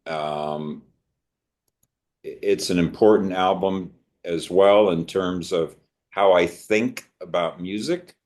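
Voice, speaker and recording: A man's voice: low voice, slow pace, darkish tone. An older man co-hosting a podcast, chatting in a casual, reflective way about music he loves. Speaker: podcast co-host.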